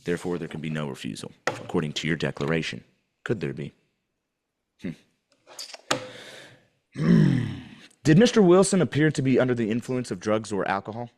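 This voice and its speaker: A man's voice: lowish voice, sing-song, moderate pace, gravelly, long pauses, darkish tone, a little hiss or hum. A man questioning an officer in a deposition, pointed and pressing, repeating his questions.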